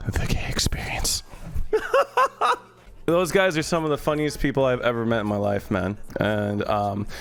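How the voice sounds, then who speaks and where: A man's voice: mid-range voice, brisk, creaky, clear, resonant tone. A young man, a streamer, casually telling a story to his viewers, swearing freely and breaking into laughs and yelps. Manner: animated, profane, laughs and yelps in excitement.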